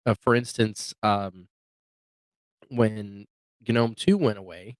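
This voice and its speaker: A man with a fairly low voice co-hosts a casual tech podcast, rambling through his points with plenty of fillers and restarts. He sounds easygoing and chatty. The recording is close and dry. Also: takes it slowly, dry recording, rough recording. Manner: rambling, hesitant, many restarts and fillers, laughs easily. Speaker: podcast co-host.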